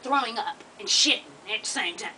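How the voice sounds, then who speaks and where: A woman's voice: fairly high pitch, fairly quick, recorded from a distance, slight background noise, low-quality recording. A woman telling a long story to her viewers, laughing and swearing freely. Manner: profane, animated, laughs while telling. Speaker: vlogger.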